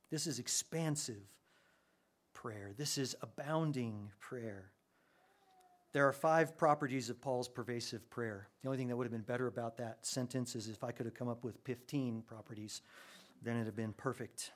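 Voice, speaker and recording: A man preaching a sermon, animated, with his voice rising sharply when he gets excited. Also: medium pitch, normal speed. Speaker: pastor.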